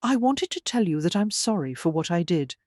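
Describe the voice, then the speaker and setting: An earnest young gentlewoman, as the narrator puts her on, speaks softly and with care in a storybook reading. The sound is dry and close. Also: mid-range voice, big pitch swings, a little fast, dry recording, lightly acted. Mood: contrite.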